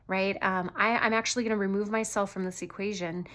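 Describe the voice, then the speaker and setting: Young woman reading tarot cards, chatty and earnest, lots of ums, mid-pitched voice. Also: steady tone, a little fast, few pauses, fairly bright tone. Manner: chatty, earnest, many fillers and restarts. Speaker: tarot reader. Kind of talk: casual tarot reading to viewers.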